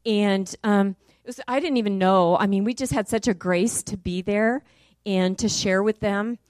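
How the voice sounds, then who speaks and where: Woman, middle-aged, preacher, sermon with testimony, mid-pitched, dry close recording. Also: normal speed, no room sound. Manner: animated, rising loud and high in the story.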